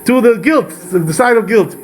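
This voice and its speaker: Man, rabbi, casual lesson, rambling asides, fairly high pitch. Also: expressive, moderate pace. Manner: rambling, full of "you know" and "right". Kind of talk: casual storytelling Torah lesson.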